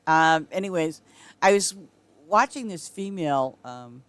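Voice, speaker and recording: A woman's voice: low voice, animated, measured pace, fairly bright tone. Giggly rambling middle-aged woman streamer. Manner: rambling and giggly, often trailing off with laughs. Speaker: game streamer. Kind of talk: casual chat with viewers while gaming.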